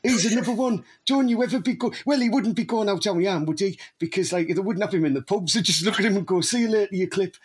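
A man's voice: high voice, fast, few pauses, slight background noise. A man co-hosting a podcast, ranting and swearing in rambling casual banter. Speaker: podcast co-host.

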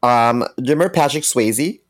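Animated man telling stories. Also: medium pitch, fairly quick. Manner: animated, playful storyteller. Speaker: podcast co-host. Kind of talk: casual chat.

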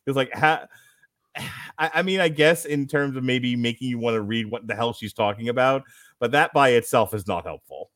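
A man's voice: medium pitch, normal speed, fairly bright tone, dry recording, studio quality. A man hosting a casual movie review podcast, reading out critic quotes and laughing often. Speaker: podcast host.

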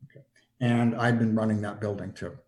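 Telling a story from his own life, this male guest speaks in a warm, mellow voice with fairly even intonation and an easygoing, conversational feel. He often breaks off and starts over, repeating words as he works out what to say. Quoted remarks from others get acted out with a lift in pitch.

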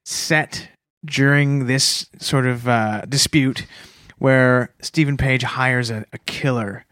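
A man's voice: mid-range voice, steady tone, takes it slowly, a bit bright, clear, resonant tone, no echo, clean studio sound. A man co-hosting a podcast in casual comedic chat, playfully riffing on silly ideas. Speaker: podcast co-host.

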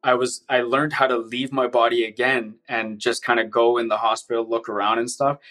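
A man's voice: medium pitch, level tone, brisk, fairly bright tone. A man recounting his own experience in an intense, run-on storytelling manner. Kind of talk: personal account, casual storytelling.

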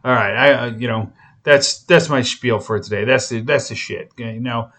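A man's voice: medium pitch, moderate pace, a bit bright. A man hosting a cooking show, talking casually and rambling, with lots of fillers and casual swearing. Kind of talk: casual motivational chat.

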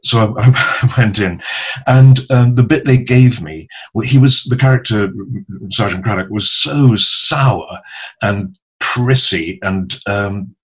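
A man with a low, husky voice recounts stories from his acting career. He hesitates often and fills gaps with ums, but his delivery stays wry. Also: takes it slowly, rough recording. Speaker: actor, guest. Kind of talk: anecdotal interview answers.

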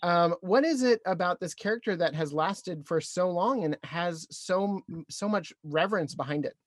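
An interviewer asking questions and warmly complimenting the guest. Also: medium pitch, moderate pace, no echo, clean studio sound. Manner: upbeat, complimentary. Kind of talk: casual interview.

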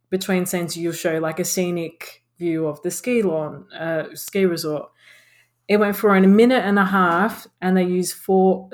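Sarcastic swearing woman podcast co-host. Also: lowish voice. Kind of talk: casual film review chat.

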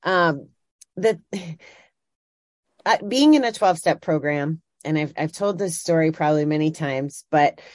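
A woman's voice: low-pitched, lively intonation, a little slow, a little mellow, no echo, clean studio sound. A woman interviewer in casual chat, engaged and responsive.

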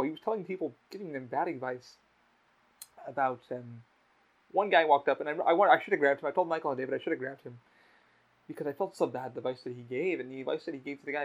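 A young man hosting a podcast, telling rambling stories with lots of swearing. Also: fairly high pitch. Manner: heavy swearing, rambling storytelling. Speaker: podcast host. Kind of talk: casual podcast chat. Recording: dull lo-fi podcast audio.

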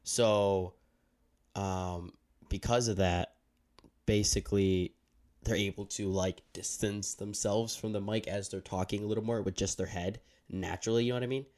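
A man's voice: lowish voice, fairly even intonation, normal speed, darkish tone. A young man co-hosting a podcast in casual chat, explaining audio habits in a rambling, self-interrupting way into a handheld mic. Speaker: podcast co-host handling audio. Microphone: handheld microphone.

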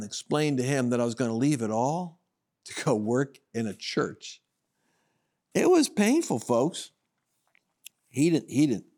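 A man minister giving a personal testimony on a broadcast, acting out the dialogue as he tells it, with loud high bursts and low quiet asides. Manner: acts out quoted dialogue in his telling.

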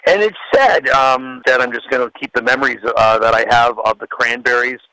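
A man who works as a radio DJ, sharing a heartfelt, reflective, halting tribute. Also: mid-range voice, pushed and bright, dry recording, poor audio. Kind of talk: recorded tribute message.

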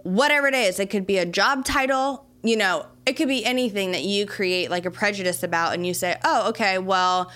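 A woman's voice: mid-range voice, fairly quick, hardly any pauses, soft background music. Chatty woman hosting a faith podcast. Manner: chatty, animated, faith-based reflection. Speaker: podcast host. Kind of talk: casual solo podcast talk.

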